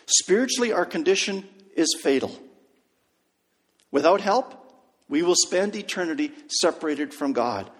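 A man's voice: fairly high pitch, expressive, unhurried, long pauses. Preacher man in a reverberant hall. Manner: storytelling, dropping to a hush on key lines. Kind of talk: sermon.

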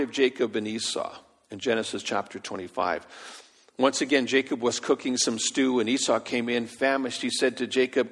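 A man preaching a sermon, animated, acting out the voices in his stories. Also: medium pitch, moderate pace, slightly rough. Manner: animated, acts out quoted voices. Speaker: pastor. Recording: long hall reverb.

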